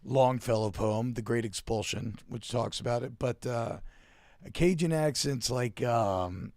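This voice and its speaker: A man's voice: medium pitch, unhurried, a little mellow, no room sound, clean studio sound. A young man from Louisiana chatting casually as a guest, rambling with lots of fillers and restarts. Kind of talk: casual chat.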